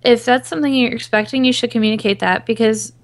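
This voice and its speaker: A woman on a gaming podcast panel, calmly explaining strategy in casual chat with plenty of fillers. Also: fairly high pitch, quick pace.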